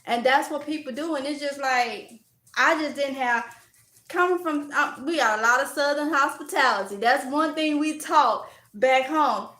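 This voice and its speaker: Loud bright-voiced Mississippi woman. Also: high voice, normal speed. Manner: loud, outspoken, chatty. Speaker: vlogger. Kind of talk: casual chat answering viewer comments. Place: at home while organizing. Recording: echoey room.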